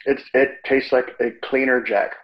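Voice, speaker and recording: A man's voice: mid-range voice, little pitch movement, moderate pace, highs cut off. A man appearing as a podcast guest, chatting easily about whiskey and laughing often. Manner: easygoing, laughs often, gives short agreements. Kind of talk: casual chat over whiskey tasting.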